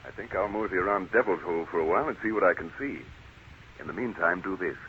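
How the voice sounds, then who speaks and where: A steady, confident cowboy hero, played by a man in a 1940s radio western. He speaks in a calm, commanding drawl. The sound is tinny and hissy, like an old broadcast. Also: low-pitched, fast, lightly acted.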